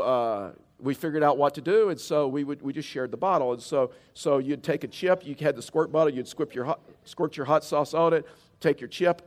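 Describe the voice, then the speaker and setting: A man preaching a sermon as a pastor, telling stories in a plain-spoken, conversational way. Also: a little high.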